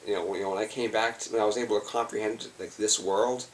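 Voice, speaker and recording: A man's voice: fairly low pitch, fairly even intonation, fast, recorded from a distance, slight background noise. An exhausted man rambling in a loose, profane way, with lots of fillers. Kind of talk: rambling personal video monologue.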